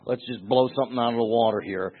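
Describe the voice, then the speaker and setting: A man's voice: mid-range voice, fast talker, slightly rough. A man teaching verse by verse through a Bible passage, emphatic, repeating words and acting out the voices he quotes. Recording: tinny phone-like recording.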